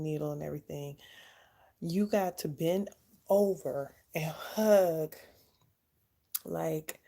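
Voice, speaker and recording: Gravelly-voiced young woman telling a story. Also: fairly low pitch, warm tone. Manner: candid, chatty, laughs often. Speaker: vlogger. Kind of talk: casual storytelling to camera.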